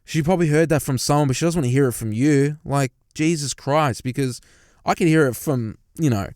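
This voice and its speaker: A young man with a fairly high, fairly quick voice rants heatedly from inside a parked car, reacting to a story as a commentator. He swears often, stays animated, and speaks straight to his listeners. The recording is dry and clean, with studio sound.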